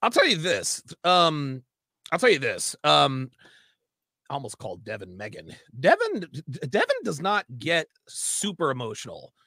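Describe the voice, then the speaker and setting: A man's voice: on the high side, huge pitch swings, moderate pace, vocal fry, pushed and bright, no echo, clean studio sound. A man hosting a podcast, chatting casually in a blunt, profane way. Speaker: podcast host.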